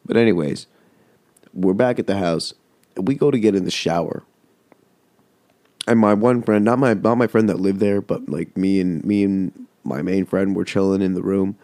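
A man's voice: low-pitched, moderate pace, dark tone, no room sound. A man hosting a podcast, telling a rambling, heavily profane story in casual chat. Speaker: podcast host.

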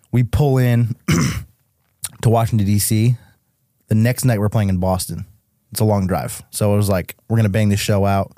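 A young man from Massachusetts tells tour stories on a podcast. He talks casually and with a lot of animation, peppering his speech with "like" and swearing. His voice sits low and mellow, and the recording is dry and close. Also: dry recording. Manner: animated, swears often, heavy use of "like". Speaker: guest musician.

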